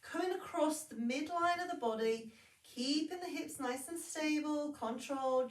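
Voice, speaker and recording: A woman's voice: sits high, moderate pace. Woman cueing a Pilates class. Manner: calm, steady cueing with counts. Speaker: Pilates instructor. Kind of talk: guided exercise class instruction. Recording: echoey room, voice from a distance.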